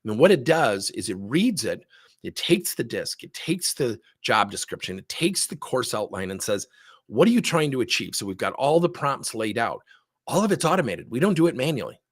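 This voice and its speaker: A middle-aged man giving an energetic webinar talk as a training consultant, with a husky voice. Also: medium pitch, normal speed. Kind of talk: webinar presentation.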